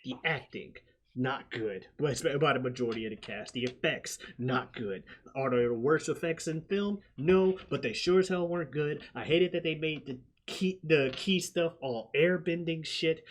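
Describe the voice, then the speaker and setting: A man hosting a casual movie-review podcast, ranting loudly and swearing often. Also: a little high, normal speed, slight background noise. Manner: profane, animated ranting. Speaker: podcast host.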